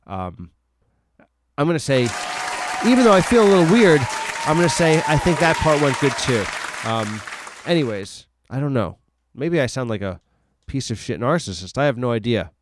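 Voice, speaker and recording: A man's voice: medium pitch, very animated, normal speed, a crowd in the background, background noise. A man hosting a podcast alone in a room, talking in a rambling, self-mocking way with lots of filler words. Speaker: solo podcast host. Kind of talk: rambling casual monologue.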